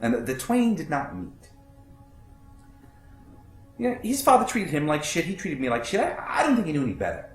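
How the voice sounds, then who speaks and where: A man's voice: fairly high pitch, huge pitch swings, moderate pace, pauses often, reverberant, faint music behind. An actor playing a blunt, profane middle-aged butcher, telling his story in a theatrical monologue. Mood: bitter. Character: brash foul-mouthed middle-aged male butcher. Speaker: actor in a one-man stage monologue. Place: theater stage.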